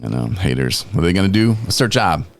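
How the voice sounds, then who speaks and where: Deep-voiced man telling rambling stories. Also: fast, creaky. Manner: rambling, laughing, quotes people in lively voices. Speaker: guest on recovery talk show. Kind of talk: casual storytelling chat. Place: podcast studio.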